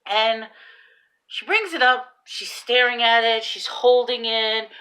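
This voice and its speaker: A woman's voice: on the high side, takes it slowly, pushed and bright. A woman who works in retail, casually telling a story about a customer mix-up in a chatty, amused, self-deprecating way. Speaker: retail worker.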